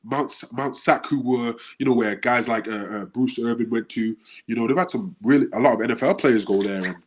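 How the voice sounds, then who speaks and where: A man from the UK, a guest on the show, telling animated stories in casual chat and acting out the quotes. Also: medium pitch, fairly quick. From United Kingdom. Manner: animated storyteller, acts out quotes.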